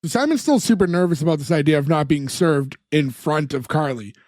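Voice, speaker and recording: A male podcast co-host with a fairly high, darkish voice speaks briskly with lively intonation. In casual chat, he retells a sitcom episode scene by scene, acting out the characters' lines as he goes. The recording is dry, with clean studio sound.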